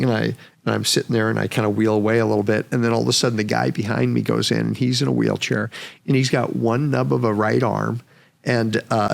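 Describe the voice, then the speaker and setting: A man in his fifties, a podcast guest, telling a story in a frank, animated way and swearing freely. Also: medium pitch, vocal fry. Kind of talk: casual storytelling.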